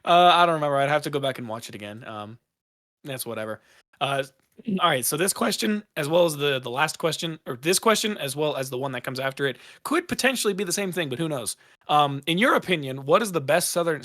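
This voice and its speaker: A man hosting a laid-back podcast, his voice pitched a touch high for a man. He rambles through his questions, stopping and restarting as he goes. The talk is loose and informal. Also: animated, fast, a bit bright. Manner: rambling, self-correcting questions with frequent fillers. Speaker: podcast host. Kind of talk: casual chat.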